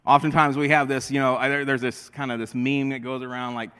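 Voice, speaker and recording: A man's voice: mid-range voice, flat delivery, fairly bright tone, clean tone. A man preaching a sermon as pastor, drawing out key phrases and calling for responses from the congregation. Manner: slow, emphatic preaching with drawn-out phrases and audience call-and-response. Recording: long hall reverb.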